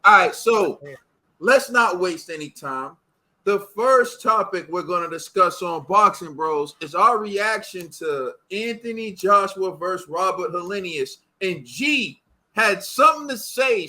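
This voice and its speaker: A man's voice: sits high, sharp tone. A man hosting a casual boxing talk show, laid-back and teasing his co-hosts. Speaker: podcast host.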